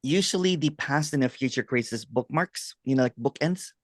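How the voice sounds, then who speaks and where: Man, host, casual video-call chat, laughs a lot, animated storytelling, dry close sound. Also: medium pitch, moderate pace, no echo. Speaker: host, non-duality guide.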